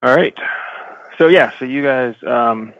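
A man narrates as game master in a tabletop game, slow and halting, stopping often to search for words. His voice is gravelly. The dry recording sounds slightly dull. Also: mid-range voice, no room sound. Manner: halting, many fillers and self-corrections.

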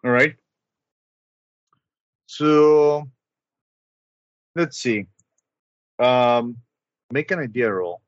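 Slow-talking guy running a tabletop game on a call, lots of ums, dull dry audio. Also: medium pitch, dry recording. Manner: measured, hesitant, with frequent ums. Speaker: game master. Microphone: online voice call.

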